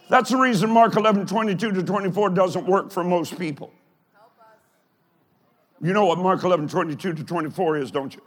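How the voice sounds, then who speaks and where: A pastor preaching a live sermon in a folksy, plain-spoken way, with emphatic bursts of shouting. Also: male voice, sits high, normal speed. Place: large church or college auditorium.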